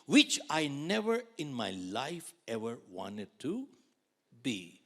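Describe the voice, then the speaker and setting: A man in his sixties from India, giving a dramatic storytelling keynote that swings between loud outbursts and near whispers. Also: mid-range voice, wildly swooping pitch, takes it slowly. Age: 60s. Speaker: motivational speaker.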